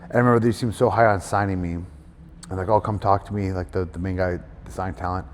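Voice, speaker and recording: A middle-aged man telling his story in a casual interview, animated, acting out other people's voices, with many fillers. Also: low voice, brisk, a little hiss or hum. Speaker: guest wrestler. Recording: hall reverb.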